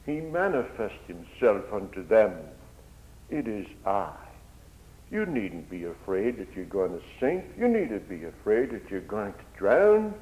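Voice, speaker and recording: Preaching slowly with big pitch swings, a man from the Netherlands speaks in a low, slightly mellow voice. His impassioned sermon swells and drops in volume, and the lo-fi recording sounds dull.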